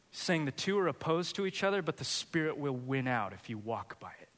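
A man preaching a sermon as pastor, earnest and building to animated, high-pitched emphasis. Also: brisk, hardly any pauses, in a large hall.

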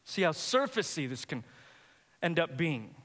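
Male pastor, emphatic sermon delivery, high bright voice, reverberant hall sound. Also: very animated, unhurried. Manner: emphatic, rising in intensity.

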